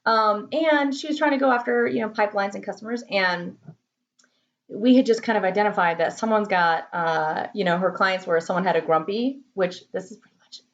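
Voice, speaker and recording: A woman's voice: mid-range voice, a little fast, lo-fi sound. A woman marketing consultant talking casually in a vlog from her home office, chatty, laughing often and repeating words for emphasis.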